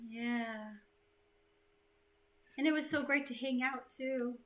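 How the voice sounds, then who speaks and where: A woman with a high voice hosts a relaxed live-stream conversation. She reads viewer comments out loud and laughs easily between them. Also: takes it slowly. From United States. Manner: reads chat comments aloud, laughs often. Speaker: host. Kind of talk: casual live-stream chat.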